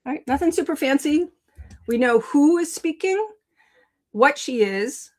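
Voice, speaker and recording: A woman's voice: sits high, expressive, measured pace, darkish tone, poor audio. A woman hosting a live video stream, teaching writing in a casual, chatty way and talking to viewers in the chat. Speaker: writing coach and live show host.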